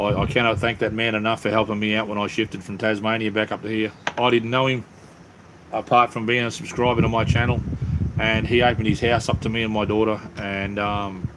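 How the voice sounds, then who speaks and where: An Australian man with a fairly low voice and little pitch movement chats casually on a live stream at a moderate pace, with a noisy background. He answers viewers in an easygoing way, repeating "it's all good, mate" amid many ums and restarts.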